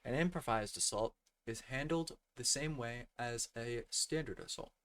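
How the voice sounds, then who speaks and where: A man's voice: medium pitch, moderate pace, a bit bright. A young man reading slides aloud for a gaming tutorial, often tripping over words and correcting himself, his voice a bit worn. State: losing his voice. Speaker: gaming community tutorial presenter.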